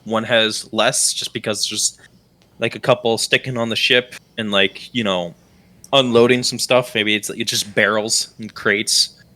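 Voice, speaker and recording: A man's voice: medium pitch, sharp tone. A young man narrating a tabletop game as game master, rambling with many fillers.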